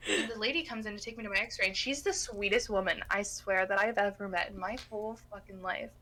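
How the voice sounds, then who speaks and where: A woman's voice: medium pitch, quick pace, slight background noise. Young woman telling a story with lots of swearing. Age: young adult. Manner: animated, swears a lot, acts out quoted people. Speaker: podcast co-host. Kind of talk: casual storytelling chat.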